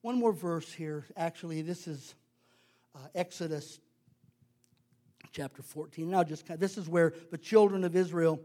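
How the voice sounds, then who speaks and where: A man's voice: fairly high pitch, moderate pace, long pauses, warm tone. A male preacher delivering a sermon in a conversational, emphatic way, repeating words for stress.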